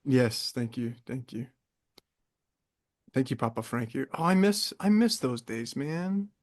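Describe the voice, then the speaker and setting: A young man in casual podcast chat, an animated storyteller who wanders into tangents. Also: medium pitch, measured pace. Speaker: podcast co-host.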